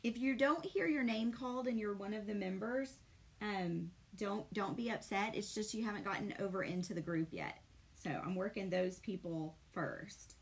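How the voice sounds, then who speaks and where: A woman's voice: medium pitch, moderate pace, slight background noise. A middle-aged woman, chatting with viewers and greeting them by name while she paints live. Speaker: painting instructor. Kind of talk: live-streamed craft session.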